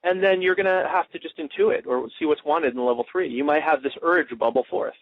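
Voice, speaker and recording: A man's voice: a little high, brisk. A man teaching a coaching class in a loose, demonstrative way, acting out what a coach might say. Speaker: coaching trainer. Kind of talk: coaching class over a phone line. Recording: tinny dry phone line.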